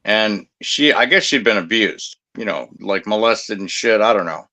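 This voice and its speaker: A man's voice: lowish voice, lively intonation, normal speed, pushed and bright. A man who used to guard a cemetery tells blunt, profane anecdotes in casual chat. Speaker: former cemetery security guard.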